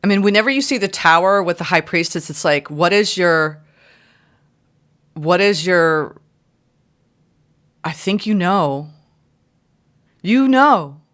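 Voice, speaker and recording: A woman's voice: expressive, slow, pauses often, a bit bright. A woman giving a casual, chatty tarot reading, exclaiming often and acting out little quoted exchanges. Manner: chatty, exclaiming, acts out quotes in high voices. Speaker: tarot reader.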